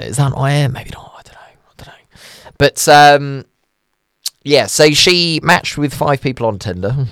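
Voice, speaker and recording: A man's voice: medium pitch, a bit bright, dry recording. A man hosting a radio show, chatting casually, ranting and poking fun at himself. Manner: chatty, ranting and self-mocking.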